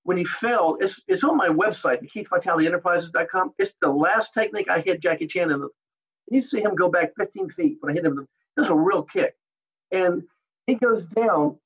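A man with a high, husky voice tells animated stories from his fighting and film career in an interview, acting out other people's lines along the way. The recording sounds dull and lo-fi. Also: moderate pace. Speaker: guest, martial artist and actor. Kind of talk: storytelling interview.

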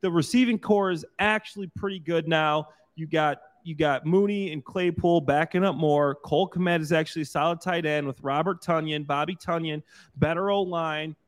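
A man who played pro football, talking loosely and excitedly in bursts, with restarts, on a sports panel. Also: a little high, moderate pace. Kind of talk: casual sports chat.

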